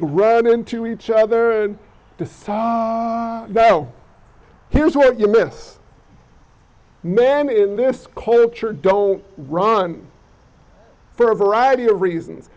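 In a high, gravelly, slightly mellow voice with a little allergy congestion, a pastor delivers a sermon on a dull, lo-fi recording. He keeps things conversational, putting questions to the congregation as he goes.

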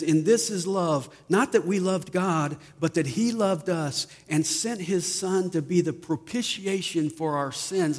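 A man preaching a sermon as pastor, slow and deliberate, often letting his voice fall soft at the ends of lines. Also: a little high. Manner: slow, deliberate preaching with dramatic drops in volume. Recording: long reverb of a large hall.

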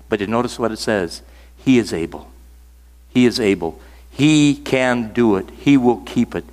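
A man's voice: fairly low pitch, animated, normal speed, a little mellow. An older man preaching a sermon, folksy and earnest, repeating key phrases for emphasis. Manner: folksy, storytelling asides. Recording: reverberant hall sound.

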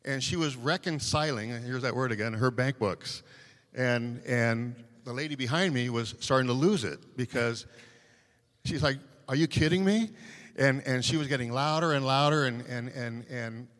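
A man's voice: mid-range voice, moderate pace, fairly bright tone. A man speaking as a personal evangelist, telling a story in casual talk with many fillers and restarts. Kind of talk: casual testimony in a panel discussion. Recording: long hall reverb.

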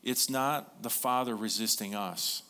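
A man's voice: lowish voice, unhurried, sharp tone, clean tone. A man preaching a sermon as pastor, in an earnest, conversational way with repeated phrases and direct questions to the congregation.

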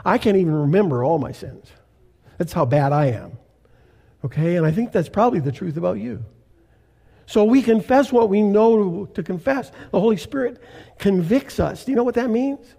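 An older man from Canada, a pastor preaching a sermon in a slow, deliberate way with emphatic pauses. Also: high voice, lively intonation, gravelly, mellow.

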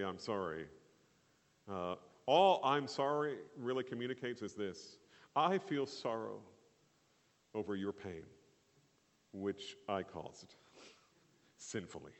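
Male pastor preaching, mid pitch, big bursts then quiet bits, long echo of a hall. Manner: earnest, emphatic preaching with rising bursts and quiet asides. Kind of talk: sermon.

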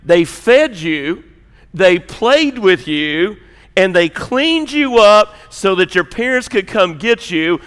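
Smooth-voiced pastor preaching in a reverberant hall. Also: male voice, high-pitched, very animated, slow, fairly bright tone. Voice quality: joking, conversational preaching with rising emphasis. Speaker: lead pastor. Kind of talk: sermon. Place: church auditorium.

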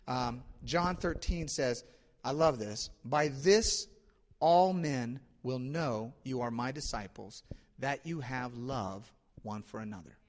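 Male pastor, conversational sermon, animated storyteller, medium pitch, long hall reverb. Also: takes it slowly. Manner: conversational, animated retelling with many restarts.

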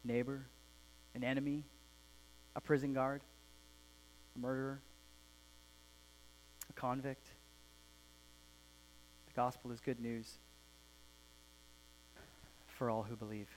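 Male pastor, mid-pitched, earnest sermon delivery with soft phrase endings, faint mains hum. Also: flat delivery, takes it slowly, long pauses, rough recording. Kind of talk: sermon with a read-aloud story. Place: church.

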